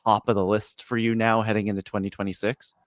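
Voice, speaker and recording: A man hosts a casual gaming podcast, steering the talk and putting questions to his co-hosts. His voice is on the low side, and the recording is dry and close. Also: flat delivery, fast, no room sound. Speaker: podcast host. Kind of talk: casual chat.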